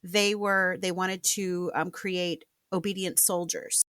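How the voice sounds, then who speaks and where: A middle-aged woman talks earnestly in a relaxed interview, working her way through ideas with many small restarts. Her voice sits fairly low for a woman. The sound is close and dry. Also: slow, no echo. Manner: earnest, explanatory, frequent restarts. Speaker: homeschooling mother, podcast guest. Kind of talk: casual interview conversation.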